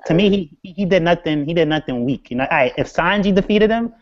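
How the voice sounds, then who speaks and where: Fast-talking insistent young man, lo-fi. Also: on the high side, expressive. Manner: insistent, repeats himself to hold the floor. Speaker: stream co-host. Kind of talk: casual group debate. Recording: dull lo-fi online stream audio.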